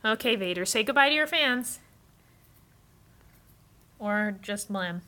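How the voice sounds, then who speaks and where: A woman hosts a relaxed livestream of her cats, talking to viewers in between. Her voice is bright and sits a little high. She slips into cooing baby talk whenever she speaks to the cats. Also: moderate pace, long pauses. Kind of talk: casual livestream chat with cats.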